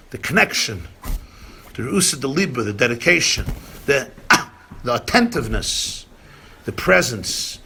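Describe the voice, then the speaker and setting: A man's voice: mid-range voice, creaky, slight background noise. A man, a rabbi, telling stories at a community gathering, acting out dialogue and mixing in Yiddish and Hebrew phrases. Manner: animated storyteller, acts out dialogue, mixes Yiddish and Hebrew phrases. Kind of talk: storytelling talk at a gathering.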